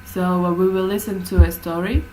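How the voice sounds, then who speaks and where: A woman's voice: on the low side, steady tone, normal speed, background noise. A woman teaching a class, explaining hesitantly with many fillers.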